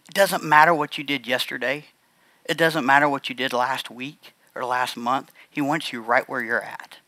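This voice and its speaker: An earnest man shares a confessional church testimony, pausing and restarting as he goes. His voice is bright and forceful, and it sounds dry and close, with no room echo. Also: fairly high pitch. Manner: halting, with frequent restarts. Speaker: church speaker sharing a testimony. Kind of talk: personal testimony to a congregation.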